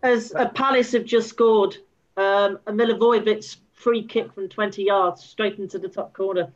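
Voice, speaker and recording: Woman co-host, mid-pitched, halting speech with restarts, muffled lo-fi video call sound. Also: fairly even intonation. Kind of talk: casual football chat over a video call. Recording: dull lo-fi call audio.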